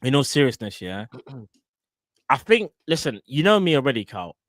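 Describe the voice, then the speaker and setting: Lively bright-voiced male podcast host. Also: mid-range voice, normal speed, no room sound, clean studio sound. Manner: animated, laughs a lot, slangy banter. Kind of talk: casual football podcast chat.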